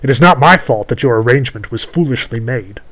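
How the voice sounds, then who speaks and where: A man's voice: medium pitch, expressive, a little fast, a bit bright, rough recording. A man voicing a cruel, scheming female witch who gloats over her bargain, in a storybook reading.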